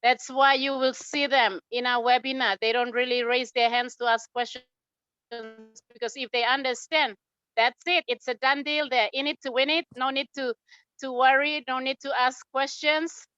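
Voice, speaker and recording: A woman from Guinea, hosting an online webinar and warmly praising attendees one by one. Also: high-pitched, steady tone, moderate pace, smooth, dry recording, faint music behind. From Papua New Guinea. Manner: effusive, praising, rallying. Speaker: webinar host. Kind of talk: upbeat online webinar shout-outs. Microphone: video call. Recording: muffled lo-fi video call audio.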